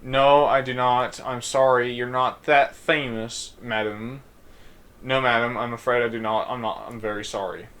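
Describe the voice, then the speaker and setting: A man reading the lines of a formal, apologetic gentleman investigator in a horror game. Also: mid-range voice, steady tone, moderate pace, close to an everyday voice. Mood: polite.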